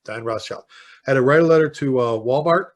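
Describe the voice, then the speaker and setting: A man's voice: mid-range voice, fast, dull audio. Chicago-accented older man telling stories. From Chicago, United States. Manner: lively storyteller, slips into impassioned rants. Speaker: guest, veteran fire chief. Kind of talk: casual podcast interview.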